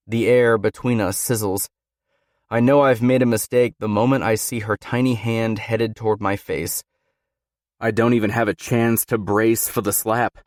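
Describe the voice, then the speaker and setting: With a fairly low voice, this audiobook narrator delivers scripted first-person romance narration, brooding and intense throughout. Sound is clean studio quality, free of echo.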